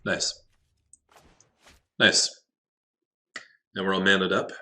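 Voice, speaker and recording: A man's voice: sits low, flat delivery, extremely slow, sharp tone. A man giving casual gameplay commentary, talking to himself in a wry way and laughing at his own jokes. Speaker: game streamer.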